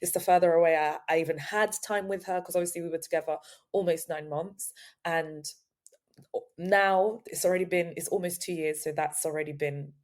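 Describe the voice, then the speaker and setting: A young woman co-hosting a podcast, talking in a halting, casual way with many restarts. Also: fairly low pitch, steady tone. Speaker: podcast co-host. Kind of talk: casual chat.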